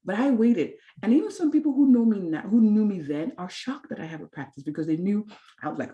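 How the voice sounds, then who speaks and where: A woman's voice: mid-range voice, animated, brisk, dark tone, roomy sound, dull audio. A woman in her thirties, a physician and clinic founder, tells her story with candid earnestness in an interview and acts out her own past thoughts. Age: 30s.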